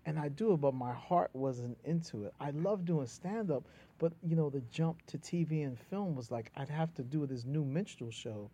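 A man's voice: mid-range voice, fairly quick, mellow, slightly rough. A man with a New York accent, a comedian and playwright, chatting loosely and joking as a guest, laughing often. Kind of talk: casual conversation.

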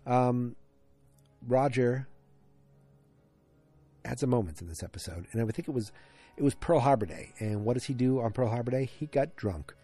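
A man's voice: mid-range voice, moderate pace, long pauses, warm tone, soft background music. A man giving a casual, rambling recap of a TV episode, with many ums and restarts. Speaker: TV episode reviewer.

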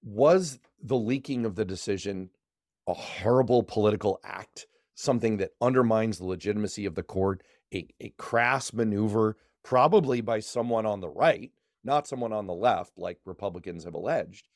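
A man hosting a political discussion panel, quick to joke between serious points. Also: fairly low pitch, no room sound, studio quality. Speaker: podcast host.

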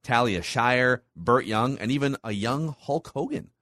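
A man's voice: medium pitch, measured pace, a bit bright, no room sound. A man hosting a podcast, upbeat and teasing as he chats and reads a film summary. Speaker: podcast host. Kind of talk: casual chat and show hosting.

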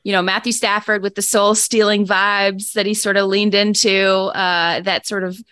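A woman's voice: mid-range voice, level tone, normal speed, fairly bright tone, clean tone, no echo. A woman hosting a casual sports talk show, chatty and playful, often laughing.

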